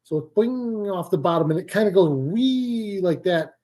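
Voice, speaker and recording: Male livestream host, chatty and easily sidetracked, cracks jokes, slightly higher voice, casual fishing talk from home. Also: lively intonation, normal speed, dark tone. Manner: rambling, joking, easily sidetracked. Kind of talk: casual live-stream chat. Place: home, indoors.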